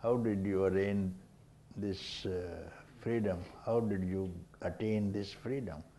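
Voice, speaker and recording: An older man giving a spiritual discourse to a gathering, unhurried and teasing, often chuckling and prompting his listeners with a questioning "hmm?". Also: deep voice, fairly even intonation, warm tone, slight background noise, rough recording. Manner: chuckles often while talking. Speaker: spiritual teacher.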